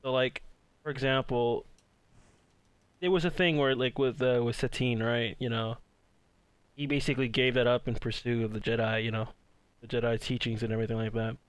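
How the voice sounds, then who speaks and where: A man's voice: medium pitch, fairly even intonation, normal speed, long pauses, smooth, no echo. A man co-hosting a casual podcast, rambling with lots of "like" and "you know". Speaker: podcast co-host. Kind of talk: casual chat.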